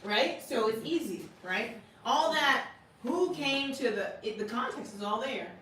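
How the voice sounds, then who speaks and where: A woman teaching a small class in a classroom, chatty and quick to laugh, often checking "right?" with her students. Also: on the high side, expressive, fairly bright tone, slight background noise. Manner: casual, laughs often, asks "right?" a lot. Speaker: language teacher. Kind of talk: classroom lesson. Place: classroom with a board. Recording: echoey room, recorded from far off.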